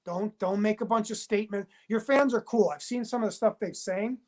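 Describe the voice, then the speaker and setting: A man speaking in a heated interview as a whistleblowing TV producer, emphatic and insistent, talking in rapid bursts and repeating himself. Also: high voice, a little mellow. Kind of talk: heated interview, phone-style conversation.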